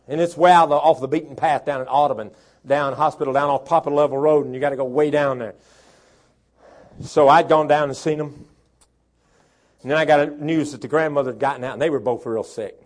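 A man preaching a sermon as pastor, dropping to quiet talk and rising to shouted preaching. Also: mid-range voice. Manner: swings from soft talk to shouted preaching, imitates a chainsaw.

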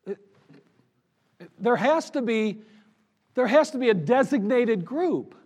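A man's voice: very high voice, animated, unhurried, darkish tone, husky, lo-fi sound. A man preaching a sermon as pastor, in a conversational style, reading scripture aloud and acting out little everyday scenes. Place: church sanctuary. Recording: long reverb of a church sanctuary.

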